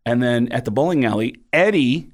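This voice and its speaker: Comedian guy telling a story, chatty, does the voices of the people in it. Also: fairly quick. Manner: animated storyteller, jumps into high excited voices for quoted people. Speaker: comedian guest. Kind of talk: casual storytelling interview.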